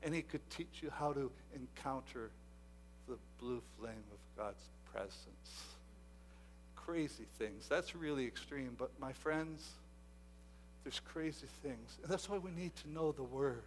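A man preaching a sermon, moving from quiet asides to loud emphatic exhortation and repeating himself often. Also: mid-range voice, a little slow, a little hiss or hum. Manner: repeats words and restarts often.

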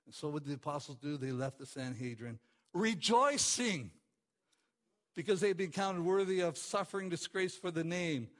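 A man preaching a sermon with passion, repeating phrases for emphasis and swinging between loud exclamations and quiet stress. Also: fairly high pitch, animated, normal speed. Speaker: pastor.

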